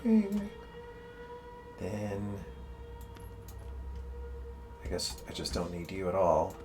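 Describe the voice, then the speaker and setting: A man's voice: deep voice, fairly even intonation, takes it slowly, music in the background. A man developer thinking aloud while testing his game on a live stream, often laughing. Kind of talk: casual live-stream commentary while playing.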